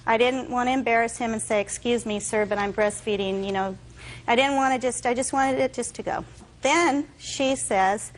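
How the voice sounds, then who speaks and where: A woman's voice: high voice, lively intonation, normal speed, slight background noise, rough recording. A young adult woman testifying as a defendant in a courtroom, earnestly recounting events and quoting what others said. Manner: earnest, tells events with quoted dialogue. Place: courtroom set.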